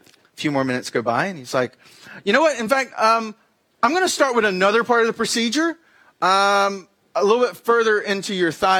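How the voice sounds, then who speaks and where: A man's voice: high voice, a bit bright. A young man telling a comic personal story in a talk, acting out the dialogue and making sound effects. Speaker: speaker giving a weekly message.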